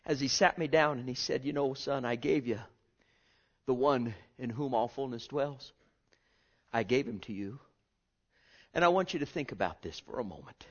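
A man preaching a sermon with passion, swinging from hushed, drawn-out words to loud cries. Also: mid-range voice, animated, muffled recording.

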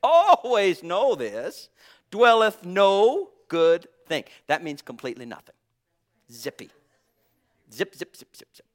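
Preaching in a high-pitched, sing-song voice, this man draws out his words for emphasis. His volume shifts from booming bursts to soft side remarks, with an occasional chuckle.

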